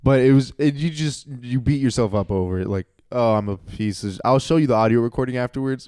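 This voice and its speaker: A young man talks quickly in a casual podcast chat, his voice smooth and clear. He is self-deprecating and acts out what other people said. The sound is close and dry. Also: mid-range voice, no echo. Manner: self-deprecating, animated storytelling with quoted voices. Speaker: podcast co-host, comedian.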